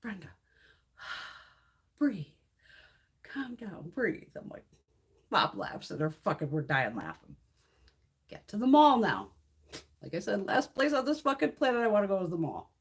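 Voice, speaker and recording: A woman's voice: mid-range voice, moderate pace, pauses often, husky. A middle-aged woman telling a long story with lots of swearing on a beauty livestream, acting out what everyone said. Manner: profane, animated storytelling, acts out quoted voices.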